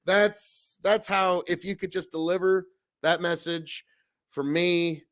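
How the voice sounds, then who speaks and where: A man's voice: high voice, steady tone, takes it slowly. A man from Nebraska with a rural American accent, hosting a casual live stream and talking bluntly with a lot of swearing. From Nebraska, USA. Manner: blunt, swears often, bursts into loud outrage. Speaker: livestream host.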